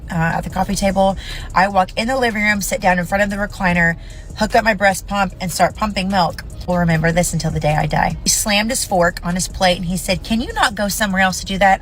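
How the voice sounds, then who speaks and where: A woman's voice: medium pitch, fairly bright tone. A woman in her thirties ranting to camera about her past, blunt and indignant and swearing freely. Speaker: mother sharing her story. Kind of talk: emotional video rant to camera.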